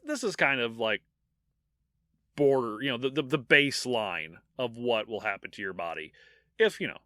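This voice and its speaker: A man's voice: medium pitch, dry recording, studio quality. A man co-hosting a podcast, telling grim history stories in a casual, joking way. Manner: animated storyteller, jokes about grim details. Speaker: podcast co-host.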